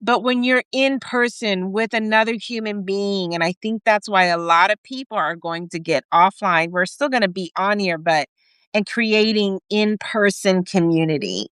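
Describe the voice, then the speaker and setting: A woman hosting a casual conversation, talking in an emotional, animated way. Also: medium pitch, moderate pace, clear, resonant tone, dry recording. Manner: warm-hearted, emotional, animated. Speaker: podcast host.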